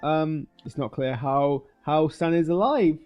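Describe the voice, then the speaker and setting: A man's voice: on the high side, measured pace, smooth, highs cut off, soft background music. A man giving a live reaction to a film he just watched, rambling and hesitant, with many fillers and restarts. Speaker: streamer reviewing a film.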